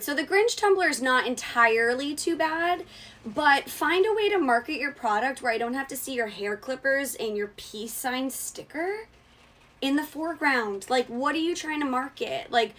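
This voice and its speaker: A woman hosts her own show with sassy, mock-outraged comedic commentary, swearing freely. Her voice is expressive and a bit bright at a normal speed, and it cracks whenever it climbs high.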